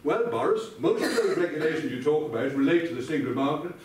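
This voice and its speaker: A man's voice: on the high side, animated, fast talker, darkish tone, slight background noise. An older man giving a sardonic debate speech, addressing his opponent directly by name. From Ireland. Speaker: debate speaker. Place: large debating chamber indoors. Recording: echoey hall, voice from far off.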